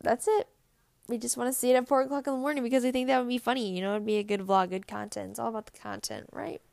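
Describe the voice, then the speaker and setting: A woman's voice: fairly high pitch, level tone, fast talker, vocal fry, darkish tone, dry recording. Teen girl rambling on her podcast, lots of likes and giggles, dry close sound. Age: teens. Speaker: podcast co-host. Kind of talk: casual solo podcast chat.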